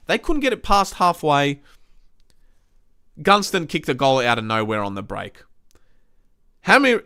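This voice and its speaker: A man's voice: fairly high pitch, fairly bright tone. A man with an Australian accent hosting a football review podcast, ranting heatedly and swearing often. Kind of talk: casual ranting match review.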